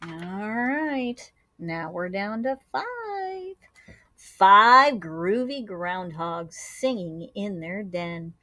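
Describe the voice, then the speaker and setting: A woman teacher reading a picture book aloud to children. She tells it with animated storytelling and adds short asides and sound effects. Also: medium pitch, no room sound.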